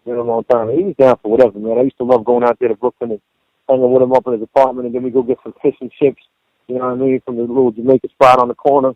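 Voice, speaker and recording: A man's voice: mid-range voice, little pitch movement, rapid-fire, no echo. A man telling rambling, profane stories over a phone call in a casual radio interview, peppering his talk with "you know". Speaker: guest recalling a late friend.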